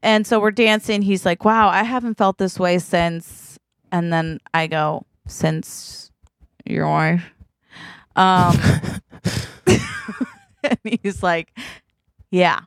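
A woman co-hosting a comedy podcast, telling an improvised story and acting out the quoted dialogue in quick turns. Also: lowish voice, huge pitch swings, clean tone, no room sound, studio quality. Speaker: podcast co-host.

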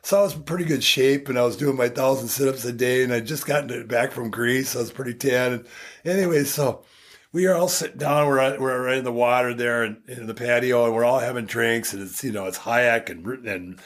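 A man's voice: mid-range voice, fairly quick. A man in his sixties, a former hockey player, telling a story on a podcast and laughing through his punchlines. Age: 60s. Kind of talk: casual storytelling.

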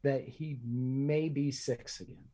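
A man with a mellow, warm voice at a mid pitch, talking casually on a podcast. He speaks earnestly and stresses his points by repeating them. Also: fairly even intonation, takes it slowly. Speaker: podcast co-host. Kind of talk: casual chat.

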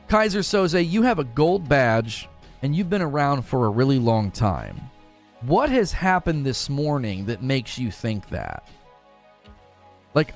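A man streaming casually, reading his chat aloud and arguing his points, often repeating words as he rushes ahead. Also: medium pitch. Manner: animated, argumentative, repeats words while rushing ahead.

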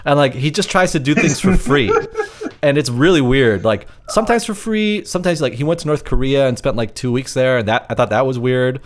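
A man's voice: medium pitch, fairly quick. A man co-hosting a podcast from his apartment, chatting casually and rambling with lots of filler words. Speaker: podcast co-host. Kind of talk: casual chat.

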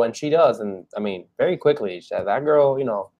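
Excitable swearing man chatting. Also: mid-range voice, moderate pace. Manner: excitable, swears a lot, emotional. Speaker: podcast co-host. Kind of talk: casual chat.

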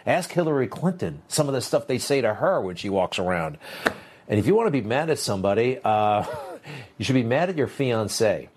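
Husky guy ranting on his commentary show, sarcastic, voice swings up and down a lot. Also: medium pitch, sing-song, brisk. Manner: sarcastic, dismissive. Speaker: political commentary host. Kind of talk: opinionated commentary.

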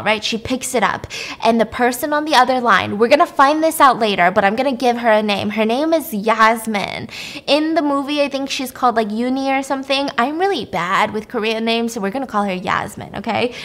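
A woman's voice: fairly high pitch, a bit bright. A young woman hosting a podcast, casually recapping a movie in a chatty, filler-heavy way and swearing often. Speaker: podcast host.

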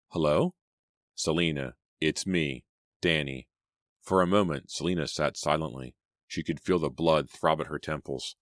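A man narrating an audiobook in a measured storytelling manner. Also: extremely low pitch, no echo. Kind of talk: scripted narration. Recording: dry close studio sound.

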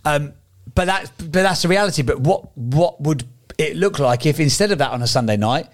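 A man's voice: on the high side, expressive, moderate pace, faint music behind. A man co-hosting a podcast in casual chat, rambling and swearing freely. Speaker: podcast co-host.

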